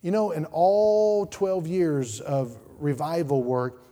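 A male pastor preaching a sermon in a church, repeating words and swinging from quiet asides to loud outbursts. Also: on the high side, steady tone, slow pace. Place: church sanctuary. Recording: reverberant church hall.

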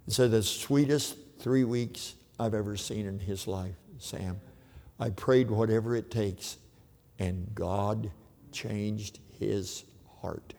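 Gravelly older man preaching in a hall. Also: lowish voice, fairly even intonation, warm tone. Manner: earnest, halting storytelling with restarts. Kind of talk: sermon storytelling. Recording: long hall reverb.

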